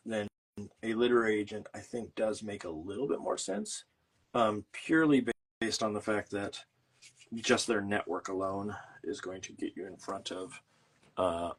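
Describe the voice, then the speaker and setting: A man works on art during a casual livestream from his home studio, rambling through explanations with lots of fillers. His voice is lowish and a bit bright, with a breathy edge.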